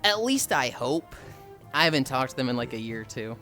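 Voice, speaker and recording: A man's voice: mid-range voice, big pitch swings, a little fast, bright, forceful tone, faint music behind. A man with a Midwestern American accent, streaming live and chatting with viewers in a rambling, swearing way while he answers their messages. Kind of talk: casual chat with viewers.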